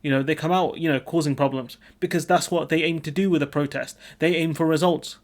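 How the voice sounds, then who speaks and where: A man's voice: a little high, fairly even intonation, a little fast. Opinionated young man commenting on news. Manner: opinionated, informal, frequent fillers.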